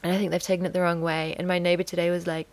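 A woman's voice: lowish voice, flat delivery, rapid-fire, dry recording. A burnt-out woman talking casually to camera, rambling and self-deprecating, acting out little conversations in quoted voices. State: tired, burnt out. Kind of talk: casual vlog monologue.

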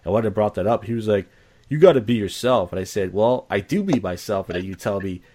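A man's voice: lowish voice, quick pace, dark tone. A man talking candidly in casual conversation, rambling and repeating himself, blunt and profane.

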